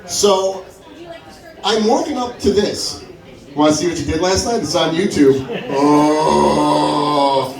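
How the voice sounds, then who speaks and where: A man's voice: slow pace, creaky. A man telling a stand-up story at a comedy club open mic, acting out the people he quotes with big jumps in his voice. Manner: animated, acts out quotes with big pitch jumps. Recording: echoey room, mic from far, crowd audible. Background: audience laughing.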